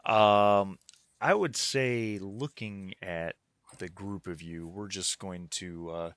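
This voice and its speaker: A man's voice: sits low, steady tone, takes it slowly, fairly bright tone, clean tone. A man narrating as game master for a tabletop game, talking casually with many fillers and restarts.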